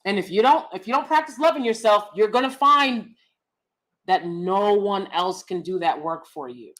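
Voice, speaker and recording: A woman's voice: mid-range voice, normal speed. A woman, hosting a casual opinionated livestream, blunt and sassy, laughing often. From United States. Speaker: livestream host reading chat.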